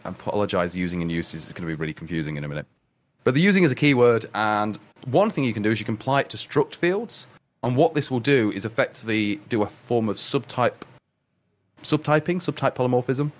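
A man's voice: mid-range voice, animated, quick pace. A man with an English accent, a guest programmer explaining his work in casual technical chat, rambling with many restarts and fillers. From England.

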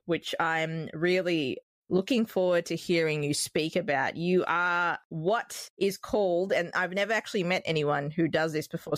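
Low-voiced Australian woman interviewing. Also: no echo, clean studio sound. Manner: warm, rambling questions with many fillers. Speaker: interview host. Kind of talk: conversational interview.

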